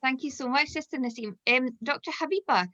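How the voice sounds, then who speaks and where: A woman's voice: sits high, brisk, dry recording. A woman hosting a panel on a video call, talking in a rambling way and poking fun at herself. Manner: warm, self-deprecating, rambling. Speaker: host. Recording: dry, muffled video-call audio.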